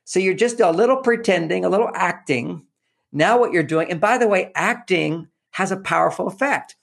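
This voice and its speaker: Relationship author guy, gravelly voice, kinda high, lively advice, acts stuff out. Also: moderate pace. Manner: repeats words, acts out quoted lines. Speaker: relationship author, interview guest. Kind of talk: animated advice talk in an interview.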